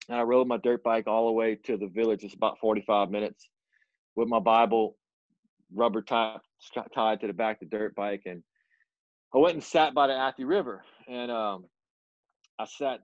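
A man, a missionary guest, telling a personal story in an earnest, animated way with frequent restarts. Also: medium pitch, no echo. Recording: dull lo-fi dry sound.

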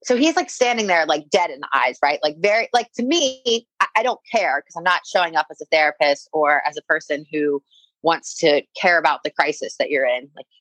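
A young woman recounts a personal story in casual conversation, her voice a little low and recorded dry and close. She leans on "like" constantly and acts out what people said to her. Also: animated, fairly quick, fairly bright tone, no echo, poor audio. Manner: frequent "like" fillers, quoting herself and others. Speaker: guest telling a personal story.

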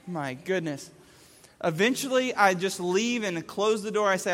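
Guy preaching, super high voice, tells stories all acted out, big echoey hall. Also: brisk. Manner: animated storyteller acting out scenes. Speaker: pastor. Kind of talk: sermon. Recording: long hall reverb.

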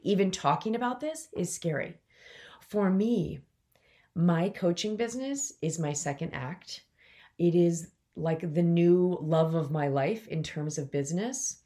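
A woman's voice: fairly low pitch, animated, a little slow, dark tone. A woman in her forties, a business coach hosting her own podcast, talking candidly and emotionally while trying not to cry. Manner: emotional, fighting back tears, candid. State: on the verge of tears. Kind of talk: personal solo podcast talk.

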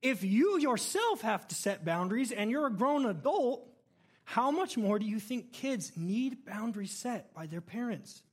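A man in his thirties preaches to his congregation with a noticeably high voice. He talks casually and tells stories with animation, easing his points in with humor rather than thundering. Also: measured pace, breathy edge. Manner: conversational, animated storytelling with laughs. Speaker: pastor. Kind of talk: sermon.

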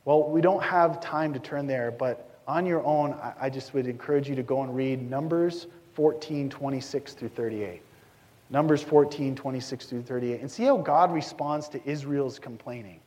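A man's voice: fairly high pitch, a little mellow. A man preaching a sermon as pastor to his church, earnest and direct, acting out the quoted voices of biblical figures as he goes. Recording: long hall reverb.

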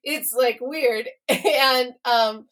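A woman tells a story to her co-host in loose, casual podcast chat. Her voice sits a little high, and she laughs and swears as she acts out what everyone said. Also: very slow, a bit bright.

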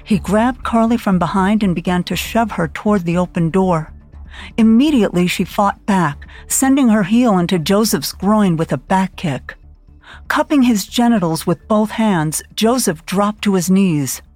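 A woman narrating an audiobook thriller in a steady, dramatic reading voice. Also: medium pitch, measured pace, no echo, soft background music.

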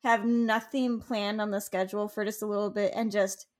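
A woman co-hosting a casual chat, playful and quick to laugh. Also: medium pitch, flat delivery. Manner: giggly, playful, jokes around. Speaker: podcast co-host.

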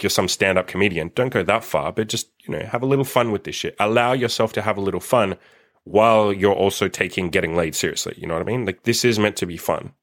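A young man talks through a solo podcast in a casual, blunt way, cursing freely. His voice sits on the low side. He keeps slipping into little acted-out snippets of dialogue. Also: fairly bright tone. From Australia. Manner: blunt, swears freely, acts out quoted dialogue. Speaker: dating coach podcast host.

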